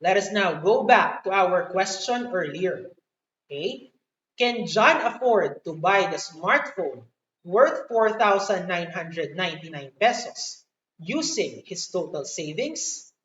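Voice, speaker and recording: A woman with a Filipino accent teaching a live online math lesson, slow and encouraging. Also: on the low side, lively intonation, a bit bright. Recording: echoey room, distant dull mic.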